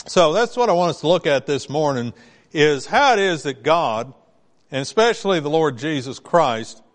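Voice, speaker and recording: A man's voice: sits high, in a large hall. Man preaching a conversational sermon. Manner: conversational preaching with rhetorical questions. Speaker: pastor.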